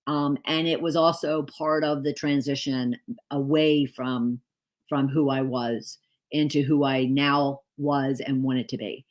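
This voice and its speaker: Middle-aged woman, low register; candid storyteller, loose and unscripted. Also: flat delivery, unhurried. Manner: candid, storytelling with frequent fillers and self-corrections. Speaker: leadership coach and author. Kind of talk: casual storytelling monologue.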